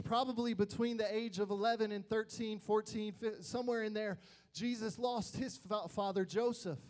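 A young man preaching to youth, telling personal family stories in an animated way and acting out the voices of people he quotes. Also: high voice. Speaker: youth pastor.

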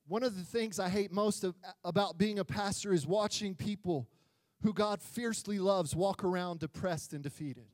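A male pastor with a high-pitched voice preaching a sermon. He jokes and gets animated, swinging between loud bursts and quiet, earnest stretches. The sound is dry and close. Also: normal speed, dry recording.

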